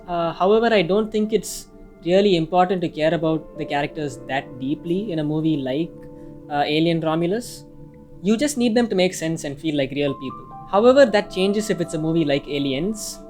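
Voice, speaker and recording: A man's voice: high voice, lively intonation, brisk, darkish tone. A man reading a casual, opinionated film review, now and then swearing mildly. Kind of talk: scripted review narration. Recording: music playing faintly behind.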